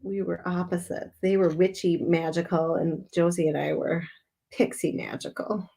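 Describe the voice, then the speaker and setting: A middle-aged woman hosting a live craft stream, chatting brightly, laughing often and reading out viewer comments as she works. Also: fairly low pitch, steady tone, normal speed, vocal fry, husky. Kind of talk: casual live-stream chat while crafting.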